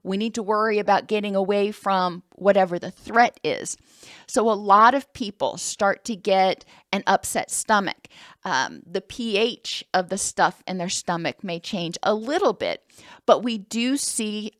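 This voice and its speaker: Woman counselor explaining calmly, dry sound. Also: medium pitch, dry recording. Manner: calm, explanatory, with occasional ums. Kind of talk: educational talk.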